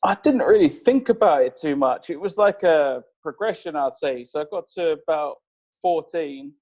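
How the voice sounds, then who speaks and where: A young English man with a voice pitched a little high chats on a podcast in an easygoing, unhurried way. He tells golf stories and chuckles along as he goes. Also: expressive, a little mellow. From England. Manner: laid-back, chuckles while telling stories. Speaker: professional golfer guest. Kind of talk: casual podcast chat.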